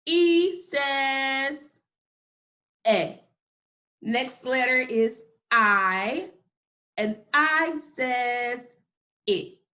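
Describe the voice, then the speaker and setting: A woman teaching a kindergarten phonics lesson, sounding out letters slowly and praising often. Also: sits high, pushed and bright. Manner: slow, drawn-out sounding of letters with frequent praise. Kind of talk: phonics lesson for young children.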